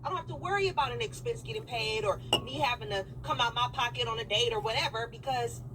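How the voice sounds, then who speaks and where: A woman's voice: a little high, fast talker, recorded from a distance, noisy background. A woman in a played clip, talking emphatically and indignantly about not struggling with a man.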